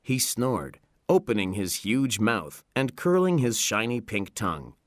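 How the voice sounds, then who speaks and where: A man narrates a children's storybook at an unhurried, deliberate pace. His pitch moves freely as he acts out the reading. The sound is dry and close. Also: no room sound. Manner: slow, expressive reading. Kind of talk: scripted narration.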